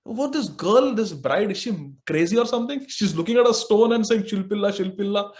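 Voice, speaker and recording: A man with an Indian English accent, a spiritual teacher telling a scripture story in an animated way, dropping Hindi phrases. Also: high voice, brisk.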